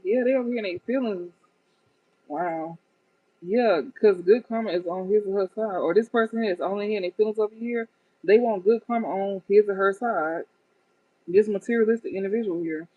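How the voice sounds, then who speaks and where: A woman's voice: medium pitch, brisk, dry recording. A woman giving a casual tarot reading to her viewers, blunt and profane, often cracking up at the cards. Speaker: tarot card reader. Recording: tinny phone-like dry sound.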